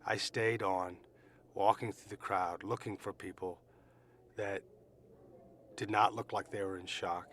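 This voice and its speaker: A man's voice: low voice, steady tone, a bit bright, slight background noise. Earnest middle-aged man recounting events. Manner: earnest, emphatic storytelling with pauses and restarts. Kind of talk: recorded eyewitness testimony.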